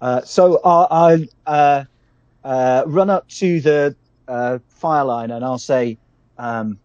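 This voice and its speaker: A man's voice: mid-range voice, takes it slowly, darkish tone, no echo. A man playing in a tabletop role-play game, hesitating before describing his moves and speaking his character's lines. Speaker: player. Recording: dry lo-fi remote audio.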